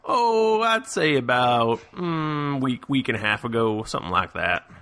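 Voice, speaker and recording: Southern drawl, a man doing a rustic villager, rambling, folksy, bright voice, tabletop game figure. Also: mid-range voice, expressive, measured pace. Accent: put-on Southern US drawl. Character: simple rustic villager man, roundabout talker. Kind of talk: tabletop role-play.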